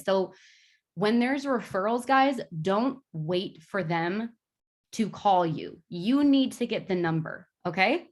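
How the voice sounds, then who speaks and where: A woman's voice: medium pitch, expressive. Bubbly, effusive young woman. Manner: bubbly, effusive, quick bursts. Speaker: insurance agent. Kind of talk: excited interview chat.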